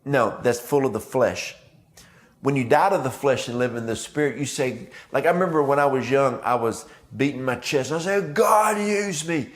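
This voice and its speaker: A man's voice: medium pitch, normal speed. A man giving a conversational devotional message as a minister, acting out the quotes.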